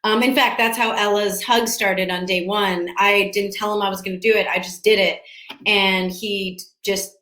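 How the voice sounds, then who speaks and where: A woman chats through fan questions in a loose, scattered way, often restarting her sentences and laughing. Her voice sits at a middle pitch. She sounds like she is in a room at home with a noticeable echo. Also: steady tone, moderate pace, sharp tone. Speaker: actress answering fan questions. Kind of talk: casual virtual fan panel. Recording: echoey room.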